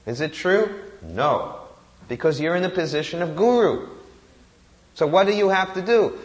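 A man's voice: a little high, sing-song, normal speed. A man giving a sermon, reciting Sanskrit verses and asking rhetorical questions that he answers himself. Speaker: preacher.

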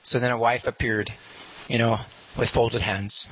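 A man's voice: medium pitch, little pitch movement, unhurried, a little hiss or hum. A man casually retelling a parable, rambling with many fillers and acting out the characters' lines. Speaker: storyteller. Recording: muffled lo-fi recording.

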